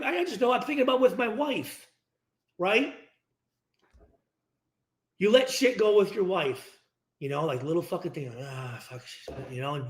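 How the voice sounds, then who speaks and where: A man in his middle years talks straight and profanely about accountability, acting out locker-room exchanges in quick voices. His voice sits high for a man and leaps around constantly, full of energy. The room around him rings with a clear echo. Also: fairly bright tone. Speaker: former football player hosting a post-game reaction stream. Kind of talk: casual, profane livestream rant.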